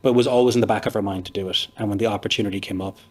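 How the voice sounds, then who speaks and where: A man's voice: lowish voice, fairly even intonation, rapid-fire, darkish tone. An Irish man, a pub owner, telling his story in a chatty, rambling interview with lots of fillers. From Ireland.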